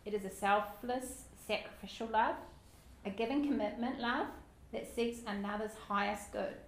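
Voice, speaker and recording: A woman's voice: medium pitch, normal speed. Chatty woman teaching in an echoey hall. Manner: chatty, with light self-deprecating asides. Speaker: Bible teacher. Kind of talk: Bible study teaching. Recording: echoey room with faint background noise.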